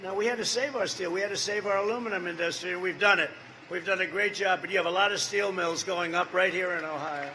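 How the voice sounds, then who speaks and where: A man's voice: sits high, steady tone, fast, noisy background. A man in his seventies giving a campaign rally speech, rambling and repetitive, with off-the-cuff asides to the crowd. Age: 70s. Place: large rally venue.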